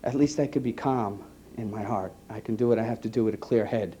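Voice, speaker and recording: A man, an EMT giving an earnest personal testimony to an audience, halting and repeating his words. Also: fairly low pitch, warm tone, dull audio, a little hiss or hum. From New York. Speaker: EMT speaking to a conference.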